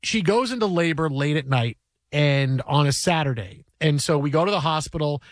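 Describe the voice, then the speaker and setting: A man hosting a sports radio show, who tells a story in an animated, rambling way and chats casually about baseball. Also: a little high, normal speed, dry recording, clean studio sound.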